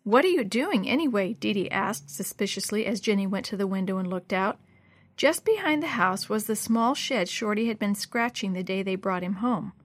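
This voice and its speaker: A woman narrating a children's story in a lively storybook manner, her voice close and dry with no room sound. She moves easily between plain narration and animated dialogue. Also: medium pitch, normal speed, no room sound. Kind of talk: storybook reading with character voices.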